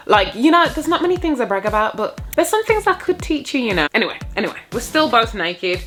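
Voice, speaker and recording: Young woman, storytime vlog, high voice, lively swoops in pitch, jokey, soft music behind. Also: normal speed. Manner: animated, jokey, talks straight to viewers. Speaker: vlogger telling a storytime.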